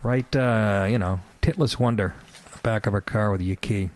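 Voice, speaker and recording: A man's voice: on the low side, moderate pace. A man hosting a radio show, ranting sarcastically with lots of swearing and mocking asides. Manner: sarcastic, swears a lot, jumps between mock voices. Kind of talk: profane comedic radio rant.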